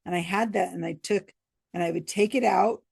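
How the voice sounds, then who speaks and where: An American woman tells a story straight to camera, chatty and rambling, with frequent laughs. Her voice has a gravelly edge and a husky, slightly breathy grain. The sound is dry and close, with little room around it. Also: mid-range voice, brisk, a little mellow, no echo.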